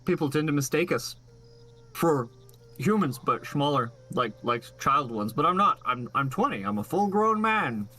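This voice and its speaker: A man's voice: fairly high pitch, lively intonation, normal speed, bright, forceful tone, slight background noise. A man playing a flustered young male halfling who stammers and corrects others defensively.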